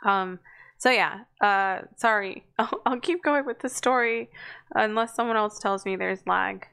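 A woman's voice: medium pitch, unhurried, gravelly, fairly bright tone, clean tone. A woman hosting a casual livestream chat, rambling and apologetic, laughing often and swearing casually. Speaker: streamer and podcast host.

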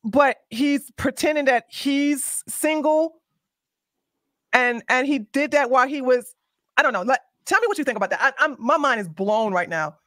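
A woman hosting an interview in a brisk, controlling way, repeating herself to hold the floor. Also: high-pitched, a bit bright, no room sound, clean studio sound. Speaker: interviewer host. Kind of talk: casual interview.

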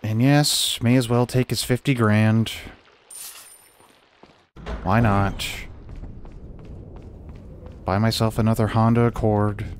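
A young man casually commenting on a video game run, sarcastic and given to yelling at characters. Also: on the low side, steady tone, slow pace, pauses often, a little hiss or hum. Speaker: gaming YouTuber. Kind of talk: casual let's-play commentary. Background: game music.

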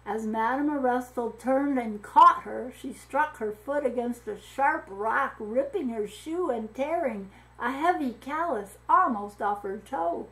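A woman reading a missionary story aloud to children, expressive and drawing in her listeners. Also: high-pitched, a little slow, hardly any pauses, poor audio. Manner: expressive, engaging the listeners with questions.

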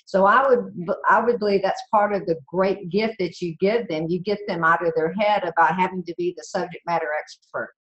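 A woman's voice: lowish voice, brisk, few pauses, dull audio. Woman, from the American South, moderator, affirming, conversational questions. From Southern United States. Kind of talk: webinar conversation.

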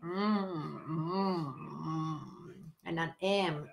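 A woman singing teacher gently guiding a vocal warm-up, step by step, with breathing cues and sung vowels. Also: low-pitched, steady tone, very slow, reverberant. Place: home room on a live stream.

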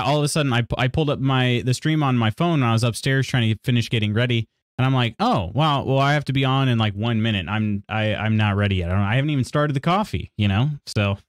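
A man chats casually with stream viewers in a dry, close voice whose pitch swings up and down, rambling through half-finished sentences. He apologizes and laughs often and reads chat messages aloud, with no room sound.

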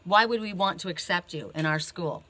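A woman oracle reader tells a story in a casual, wandering way, stumbling over her words and starting lines again. Her voice sits slightly low, but its tone is bright and forward. She keeps checking in with her listeners. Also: normal speed, slight background noise. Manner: rambling retelling full of "you know" and "right?"; self-interrupting, restarts her sentences often. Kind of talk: casual storytelling in a card reading.

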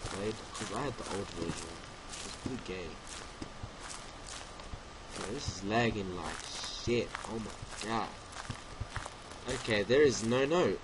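A young man playing a horror game, rambling and joking to himself and taunting the monster as he plays. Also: medium pitch. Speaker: gamer. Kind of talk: let's-play commentary. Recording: home recording with loud background noise.

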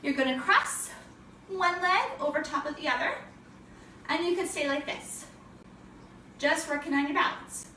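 A woman's voice: high-pitched, normal speed, long pauses, sharp tone, roomy sound, recorded from a distance, a little hiss or hum. A woman teaching a family yoga class for children, giving cheerful, encouraging instructions and making animal sounds.

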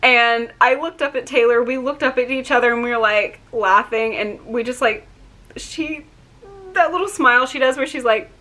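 A woman's voice: on the high side, normal speed, bright, forceful tone. A young woman telling a story to her camera, gushing and rambling with lots of fillers and restarts. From Virginia. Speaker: vlogger.

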